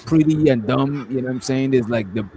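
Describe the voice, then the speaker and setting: A man with a mid-pitched, gravelly voice who mocks the other side and keeps cutting in with repeated phrases. His voice comes through noisy voice-chat audio with a clear hiss under it. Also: brisk, mellow. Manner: mocking, cuts in with "wait a minute", repeats himself. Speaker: panel member in an online voice-chat debate.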